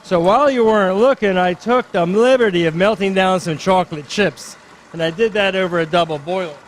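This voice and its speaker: A man's voice: sits high, brisk, slight background noise. A middle-aged man working as a chef, giving a live cooking demonstration at a dinner event. He is upbeat and chatty, and he explains each step as he goes.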